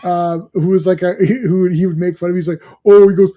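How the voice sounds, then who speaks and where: A man's voice: high voice, fairly even intonation, fairly quick, warm tone. A man hosting a casual comic book chat, rambling with frequent laughs and hummed theme tunes. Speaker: podcast host.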